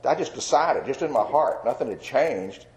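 A man giving an earnest, rambling personal testimony as a Christian artist, with fillers and soft laughs. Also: mid-range voice, lively intonation, moderate pace, rough recording.

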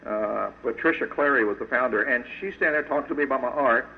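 A man's voice: mid-range voice, fast talker, a little hiss or hum. A man, a sculptor, telling an audience his faith testimony in an earnest, folksy storytelling way. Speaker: Christian sculptor giving a testimony. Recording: tinny phone-like radio audio.

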